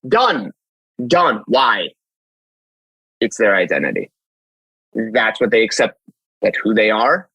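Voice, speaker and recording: A man in his thirties, a fitness coach, talking in an animated podcast conversation, telling stories and acting out dialogue with casual swearing. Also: lowish voice, slow pace, long pauses, breathy edge, no room sound, rough recording. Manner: energetic, storytelling, acts out dialogue, swears casually.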